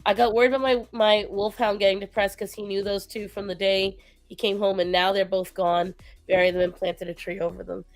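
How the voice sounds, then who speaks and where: A weary woman talks on her livestream in a loose, rambling way, drifting between stories and baby talk to her pets. Her pitch sits in the middle of the range, and faint music plays underneath. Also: level tone, brisk. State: tired and low after a long week. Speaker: stream host. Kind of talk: casual chat on a livestream.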